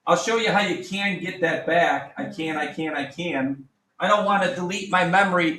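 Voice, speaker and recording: A man's voice: on the high side, a bit bright. A male math teacher talking a class through calculator work, chatty and joking, with exasperated asides. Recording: echoey classroom with faint background ambience.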